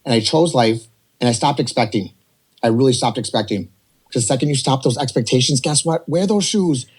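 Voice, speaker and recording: A man in his forties telling a personal story on a podcast, animated and rambling, slipping into voices to act out what others said. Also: mid-range voice, a little fast, breathy edge. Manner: animated, rambling, jumps between quoted voices. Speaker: podcast guest. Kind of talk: casual storytelling.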